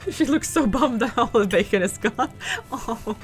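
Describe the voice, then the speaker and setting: A woman's voice: fairly high pitch, lively intonation, a little slow, soft background music. A woman playing a story game, chatting casually, giggling and reading the game's lines aloud. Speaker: gaming streamer. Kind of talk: let's play commentary, reading game dialogue aloud.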